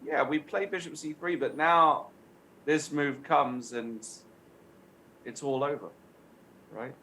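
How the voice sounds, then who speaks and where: A man's voice: on the high side, slow, sharp tone, slight background noise. Man coaching chess tactics. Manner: explains step by step, often checks in with "right?".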